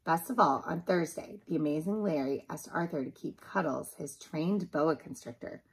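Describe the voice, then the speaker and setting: A preschool teacher reading a picture book aloud to young children in a gentle manner. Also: female voice, deep voice, normal speed, husky, low-quality recording.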